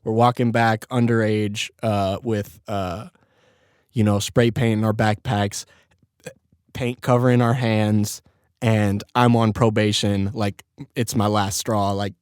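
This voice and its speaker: A man's voice: on the low side, flat delivery, unhurried, darkish tone, no room sound, clean studio sound. A young man hosting a podcast, telling a story in a laid-back way, laughing often and swearing freely. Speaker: podcast host. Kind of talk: casual storytelling.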